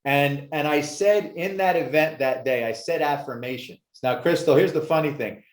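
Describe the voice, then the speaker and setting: A man who works as an addictions success coach, telling his story with emphatic, animated energy in a podcast interview. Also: a little high, moderate pace. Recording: roomy echo.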